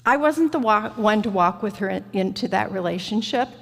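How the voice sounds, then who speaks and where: A woman preaching a reflective, personal sermon in a church sanctuary, slow and deliberate. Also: mid-range voice, expressive, creaky. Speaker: guest preacher. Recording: church hall reverb.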